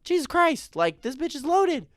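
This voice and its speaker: A man's voice: extremely high pitch, sing-song, normal speed, no echo, clean studio sound. A man giving a casual, opinionated TV recap, ranting in a profane, exasperated way. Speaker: TV recap vlogger.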